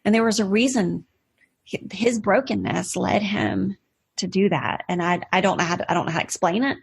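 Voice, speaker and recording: A woman's voice: medium pitch, brisk, vocal fry, breathy edge. A woman in her forties, a podcast guest, talking in an earnest, reflective way in a casual interview conversation. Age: 40s.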